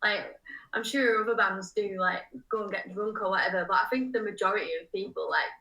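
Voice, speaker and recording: A woman's voice: medium pitch, brisk, sharp tone. A young woman, a musician guest, chatting casually, packing in fillers and giggling often. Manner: chatty, says "like" constantly, giggly. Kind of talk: casual chat. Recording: a little distant from the mic.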